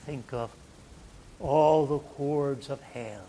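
Slow, dramatic male preacher. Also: mid-range voice, a little hiss or hum. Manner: dramatic, swings from hushed to loud. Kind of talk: sermon.

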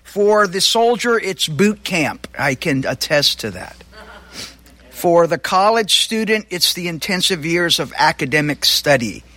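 A male pastor preaching a sermon in a conversational way, with asides and quick self-corrections. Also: on the high side, very animated, bright, forceful tone.

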